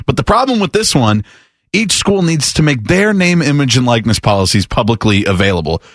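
A man's voice: fairly high pitch, fairly bright tone, dry recording. Wry man reading sports news in a dry room. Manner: wry, reads news items then riffs on them. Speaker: sports talk co-host. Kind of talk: casual sports talk.

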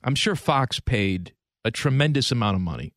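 A man's voice: medium pitch, animated, normal speed, a bit bright, dry recording, clean studio sound. A man co-hosting a sports radio show in casual talk, chatting about games he watched and asking questions. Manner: chatty, asks questions and tells what he watched. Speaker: radio co-host.

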